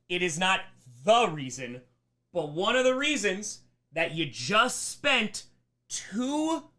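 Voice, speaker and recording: Brief: young male teacher, crisp bright tone, animated lecture with mock voices. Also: high-pitched. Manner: animated, acts out mock quotes, rhetorical questions. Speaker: streamer teaching history. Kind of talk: energetic classroom lecture. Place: streaming room.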